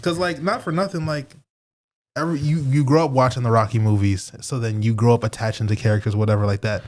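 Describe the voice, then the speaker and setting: A man's voice: medium pitch, steady tone, fast talker, darkish tone. Rambling young man on a podcast. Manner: rambling, lots of fillers, laughs often. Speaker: podcast co-host. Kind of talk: casual chat.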